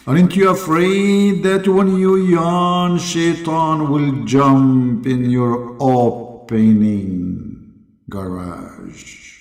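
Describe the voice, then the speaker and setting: A man voicing a solemn male deity who speaks slowly and drags out his words. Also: fairly low pitch, gravelly, warm tone, voice pushed down. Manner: slow, drawn-out, solemn. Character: slow booming male deity making a phone call.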